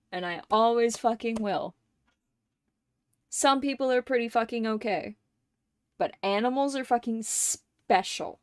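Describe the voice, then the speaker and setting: A woman's voice: mid-range voice, fairly even intonation, normal speed, no echo, studio quality. A woman streaming a game, chatting casually in a candid, profane and emotional way. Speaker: livestream gamer.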